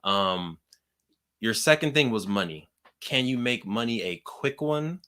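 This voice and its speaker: A man co-hosting a podcast, asking questions in a quick, casual conversational way. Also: mid-range voice, lively intonation, bright, forceful tone. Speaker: podcast co-host.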